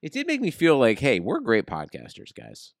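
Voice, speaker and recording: A man's voice: medium pitch, huge pitch swings, moderate pace, gravelly, dry recording, clean studio sound. A man co-hosting a podcast, chatting casually with sarcastic jokes. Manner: sarcastic, joking. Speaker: podcast co-host. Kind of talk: casual chat.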